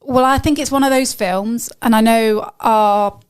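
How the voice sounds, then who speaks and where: Chatty English woman, smooth higher voice. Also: measured pace. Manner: chatty, enthusiastic, trails off into fillers. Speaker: podcast co-host. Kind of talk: casual chat.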